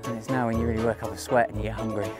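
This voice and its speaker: A man's voice: lowish voice, flat delivery, rapid-fire, over music. Chatty man vlogging on a mountain trail. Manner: chatty, thinking aloud, self-mocking. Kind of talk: casual walking vlog.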